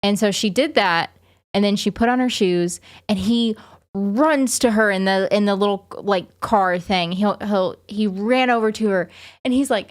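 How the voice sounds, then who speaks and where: A woman's voice: medium pitch, moderate pace, dry recording, studio quality. A woman vlogging to her viewers in a casual, rambling way, full of fillers and restarts. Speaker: vlogger and parent.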